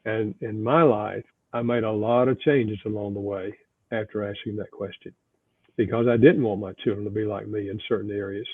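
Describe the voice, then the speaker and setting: An older man, an author and pastor, telling a personal story earnestly in an interview, his voice dropping soft at tender moments. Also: lowish voice, fairly even intonation, moderate pace, slightly rough, no echo. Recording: tinny phone-like line, dry.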